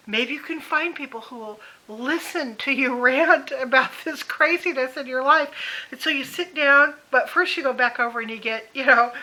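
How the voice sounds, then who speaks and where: A woman's voice: sits high, pushed and bright, poor audio. A woman in her fifties telling a candid vlog story about caring for her mother, frank, swearing freely and laughing as she rants.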